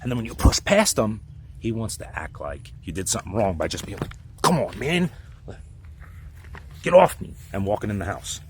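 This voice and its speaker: A man telling a personal story in a heated, rambling, profane rant, with sudden loud outbursts. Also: on the low side, expressive, fast, a little hiss or hum.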